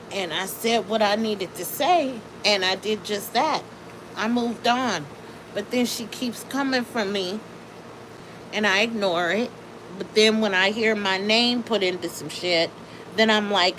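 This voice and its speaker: A woman chatting casually on a live stream, telling a story with animated energy and greeting her chat viewers. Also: mid-range voice, measured pace, background noise.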